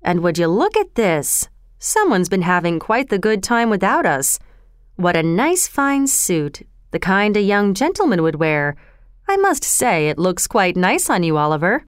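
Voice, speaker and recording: A woman's voice: mid-range voice, very animated, measured pace, clean tone, no room sound, clean studio sound. A woman reading a storybook aloud, voicing a scheming old male thief leader who talks in an oily, falsely tender way. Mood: wheedling.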